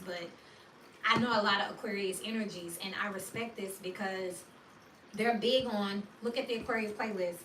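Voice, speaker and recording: A woman giving a casual, slangy tarot reading for her viewers, chatty and animated. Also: medium pitch, roomy sound, far from the mic, slight background noise, low-quality recording. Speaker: tarot reader.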